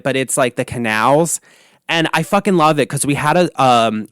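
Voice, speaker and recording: A man's voice: mid-range voice, fairly bright tone, clean tone, dry recording, studio quality. Profane, rambling man hosting a podcast. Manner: profane, gossipy and rambling with many fillers. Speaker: podcast host. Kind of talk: casual solo podcast rant. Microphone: podcast microphone.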